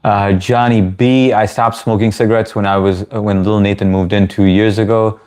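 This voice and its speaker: A man in his thirties with a deep, low-pitched voice hosts a casual livestream. He answers chat questions in a loose, friendly, rambling way, often restarting his sentences. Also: level tone, normal speed, a little mellow. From United States. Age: 30s. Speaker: livestream host.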